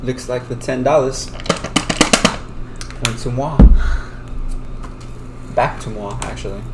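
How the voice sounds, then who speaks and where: A woman's voice: extremely low pitch, slow pace. A young woman vlogger chatting casually and teasing her sister, sounding playful and full. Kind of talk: casual chat. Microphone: desktop USB mic. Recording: noisy laptop recording.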